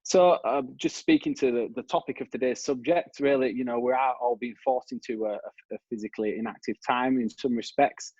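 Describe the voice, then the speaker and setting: A man's voice: medium pitch, steady tone, fairly quick, darkish tone, husky, dry recording, muffled recording. A man with a Yorkshire accent giving a conversational academic presentation over a video call. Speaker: researcher giving a talk.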